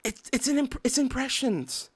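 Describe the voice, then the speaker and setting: A man with a notably high-pitched voice hosts a gaming podcast. He talks in a heated, profane rant and keeps reading dictionary definitions aloud to drive his argument home. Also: lively intonation, moderate pace. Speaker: podcast host.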